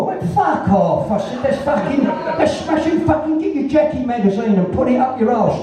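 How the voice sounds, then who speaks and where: A man's voice: sits high, very animated, a little fast, warm tone. A Cockney man from East London in his sixties, telling rambling, foul-mouthed anecdotes on stage and acting out other people's voices. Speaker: guest storyteller. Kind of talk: live on-stage conversation. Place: venue in front of an audience. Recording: roomy, distant, faint noise.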